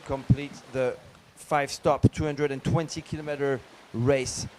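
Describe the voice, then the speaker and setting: A man giving live commentary on a paddleboard race. He talks in a lively way and pauses on many fillers. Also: mid-range voice, a little hiss or hum.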